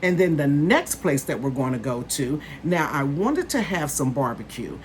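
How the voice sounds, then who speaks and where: A woman in her fifties chatting casually to her viewers as a vlogger, calling them "honey" and "you guys" and bursting into excitement. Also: low voice, moderate pace, slight background noise. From northern United States. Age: 50s.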